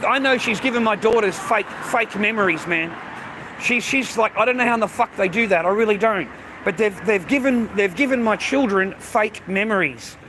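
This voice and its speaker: A middle-aged Australian man ranting casually to the camera, agitated and profane, repeating himself and calling the listener mate. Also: high-pitched. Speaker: vlogger. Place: outdoors by a road. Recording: outdoor street noise, traffic.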